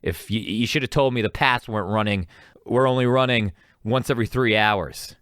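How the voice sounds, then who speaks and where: Young male podcast host, low register, rambling self-deprecating storyteller, dry close sound. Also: moderate pace, fairly bright tone, no echo. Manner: rambling, self-mocking, acts out both sides of the quarrel. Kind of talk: casual storytelling monologue.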